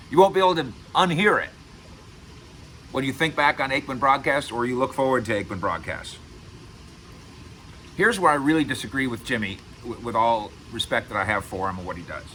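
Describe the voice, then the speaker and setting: A man's voice: medium pitch, pushed and bright, a little hiss or hum, poor audio. A middle-aged man giving casual sports commentary to camera as host, emphatic and repeating words for stress. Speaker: sports radio and video host.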